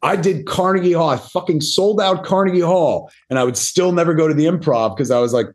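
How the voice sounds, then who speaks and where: A man's voice: a little high, lively intonation, fairly quick, hardly any pauses, darkish tone. A middle-aged man talking as a podcast guest, telling rambling, profane, self-deprecating stories in a casual interview, full of fillers. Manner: profane, rambling anecdotal delivery with many fillers.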